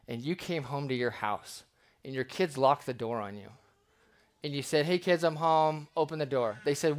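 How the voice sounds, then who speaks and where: Male pastor, fairly high voice, preaching an expository sermon in church, animated, acts out quoted voices.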